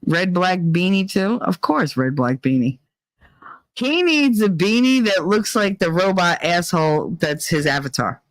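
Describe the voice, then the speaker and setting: A woman's voice: on the low side, sing-song, a little slow, dry recording. Woman host ranting casually, swears a lot, dry close sound. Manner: blunt, profane storytelling. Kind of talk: casual chat.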